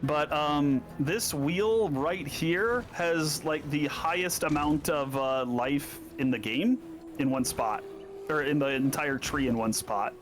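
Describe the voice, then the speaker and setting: A man's voice: a little high, slow, soft background music. A man patiently explaining a game on a stream, stumbling over hard names with a laugh. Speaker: game coach.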